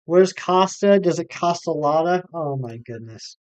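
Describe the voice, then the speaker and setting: A man's voice: fairly high pitch, expressive, normal speed, darkish tone, clean tone, no room sound, muffled recording. A man streaming a game live, chatting casually and reading viewer comments aloud. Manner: chatty, reads chat aloud, self-deprecating. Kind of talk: live stream chat while gaming.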